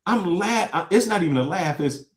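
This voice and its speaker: A man hosting a talk show, giving animated, preachy commentary on clips and acting out quotes. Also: high voice, brisk, reverberant. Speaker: podcast host. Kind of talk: casual commentary reacting to clips.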